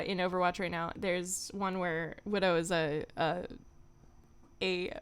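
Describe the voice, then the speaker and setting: A woman's voice: mid-range voice, a bit bright, smooth. A young woman, a voice actor, chatting casually on a home stream in a playful, rambling way with giggly asides.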